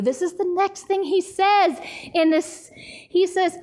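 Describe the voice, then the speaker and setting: A middle-aged woman Bible teacher giving a passionate, pleading sermon with slow, emphatic delivery. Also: very high voice, darkish tone.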